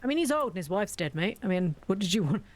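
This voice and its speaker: A woman's voice: medium pitch, very animated, fast. A woman with a British accent chatting and joking as she plays a game for viewers. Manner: chatty, joking, self-mocking. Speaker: streamer. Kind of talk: casual game commentary.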